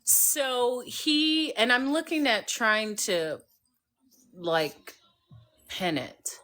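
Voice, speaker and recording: A woman hosting a casual live stream, telling a lively story and acting out the voices of the people in it. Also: a little high, drawn-out words. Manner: animated storyteller who acts out voices. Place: home by a fireplace.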